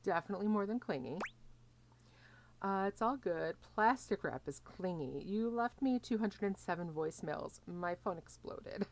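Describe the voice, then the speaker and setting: A woman's voice: mid-range voice, animated, normal speed, slight background noise. A woman playing a video game and joking, reading dialogue choices aloud with sarcastic asides. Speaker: gaming streamer. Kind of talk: let's play commentary.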